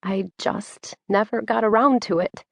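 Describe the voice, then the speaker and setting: A woman's voice: mid-range voice, measured pace, vocal fry, no room sound. A woman narrator voicing a wistful young woman, a former rebel, in an audiobook. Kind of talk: audiobook character voice.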